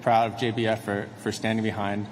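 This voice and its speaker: A man's voice: on the low side, little pitch movement, brisk. A man who runs a restaurant giving an earnest acceptance speech, with some restarts. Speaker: restaurant owner accepting an award. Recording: reverberant hall with faint noise.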